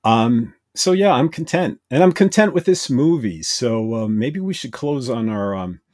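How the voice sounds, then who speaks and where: A man's voice: mid-range voice, animated, unhurried, a little mellow. A man hosting a podcast, chatting casually and prompting his guest with friendly questions. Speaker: podcast host.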